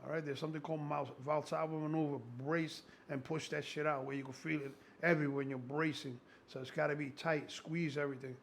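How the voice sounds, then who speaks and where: A gravelly man in his sixties talks shop like a strength coach, slightly high-pitched and worked up. He rambles and swears freely as he tells his stories, with a faint hiss of noise under his voice. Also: quick pace, few pauses. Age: 60s. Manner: excitable, profane, rambling storyteller. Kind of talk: casual conversation.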